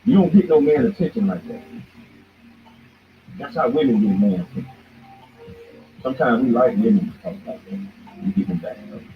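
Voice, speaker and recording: A man's voice: mid-range voice, lively intonation, moderate pace, long pauses, faint music behind. A man hosting a show, delivering a heated, confrontational ranting monologue that keeps jabbing at his target as "boy". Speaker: show host. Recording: tinny phone-like line with faint noise.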